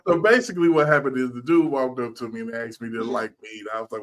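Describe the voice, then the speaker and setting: Swearing, animated male podcast host. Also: medium pitch, fast. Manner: animated storyteller, acts out quotes, swears freely. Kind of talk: casual chat.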